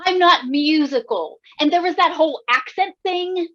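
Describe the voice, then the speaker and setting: A woman's voice: very high-pitched, normal speed, a bit bright, muffled recording. A woman playing a defensive, impatient stage actress who keeps forgetting her lines. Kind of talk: community theater stage play.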